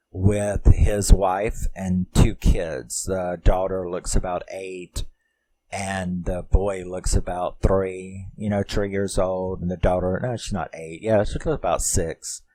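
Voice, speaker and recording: A man with a low voice recaps a film off the cuff, rambling with fillers, restarts and the odd curse. His tone stays mellow and warm as he gets worked up over the story. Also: poor audio. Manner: rambling, emotional, swears, many fillers. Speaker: film reviewer.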